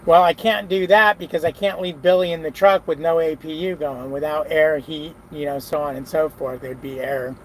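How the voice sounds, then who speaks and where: A man's voice: on the high side, steady tone, normal speed, hardly any pauses, a little hiss or hum, low-quality recording. A truck driver talking casually to his vlog camera from his truck cab, weary and grumbling, sighing often. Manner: weary, grumbling, frequent sighs.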